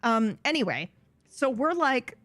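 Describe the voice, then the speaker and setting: A young woman telling a story in a casual, animated way, swearing and acting out voices. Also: measured pace, a little hiss or hum. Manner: animated, swearing, acts out voices with high yelps. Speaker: streamer.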